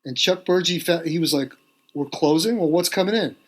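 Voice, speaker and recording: Animated middle-aged man telling stories. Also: on the high side, normal speed. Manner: animated anecdote-telling, quotes others in varied voices. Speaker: guest drummer. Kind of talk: storytelling in a podcast interview.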